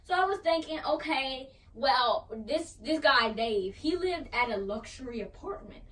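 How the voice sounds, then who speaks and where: A high-pitched, boastful cartoon tiger, voiced by a woman, rambles through a comedic storytime with a stuffed toy. He is slangy and loose, calling everyone fool and bro. The voice sits some way back from the mic. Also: animated, unhurried, fairly bright tone. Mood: rambling. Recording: voice distant from the mic.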